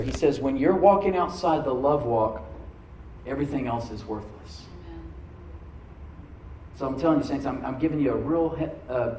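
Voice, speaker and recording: A man preaching a sermon to his congregation, easygoing and conversational, with a warm, mellow tone. He stands some way off the microphone, so his voice comes across roomy and echoey. A faint hum of room ambience sits underneath. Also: mid-range voice. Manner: conversational preaching with frequent "Amen?" prompts. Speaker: pastor. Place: church room before a congregation. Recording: echoey room, mic at a distance.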